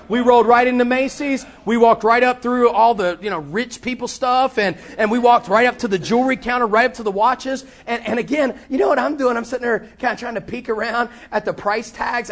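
A man preaching, telling a story with animated, repetitive delivery and acted-out dialogue. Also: very high-pitched. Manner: animated, repeats words, acts out dialogue. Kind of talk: sermon storytelling.

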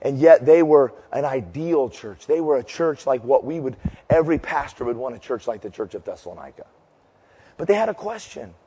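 In a mid-range voice at a brisk pace, a pastor preaches to a live audience in a large hall, with slight background noise and long hall reverb. He's an animated, jokey storyteller who leads the crowd through a cheer.

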